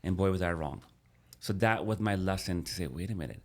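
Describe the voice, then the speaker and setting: Low-voiced man telling his story, bro-style. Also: brisk. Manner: animated, addresses host as "bro". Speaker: podcast guest. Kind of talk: casual storytelling.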